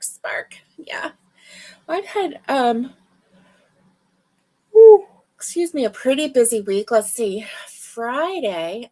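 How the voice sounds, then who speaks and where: A woman hosting a crochet livestream, chatting casually with viewers. She sounds tired and yawns, but keeps up friendly, chatty greetings. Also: medium pitch. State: tired and yawning. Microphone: livestream webcam mic.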